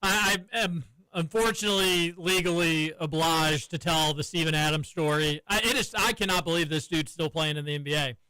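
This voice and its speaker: A man's voice: a little high, fairly even intonation, a little fast, few pauses, sharp tone, clear, resonant tone, no room sound, poor audio. A man in his thirties hosting sports radio, telling stories and teasing his cohosts in a studio. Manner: chatty, storytelling, teasing. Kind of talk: casual sports radio banter. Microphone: studio microphone.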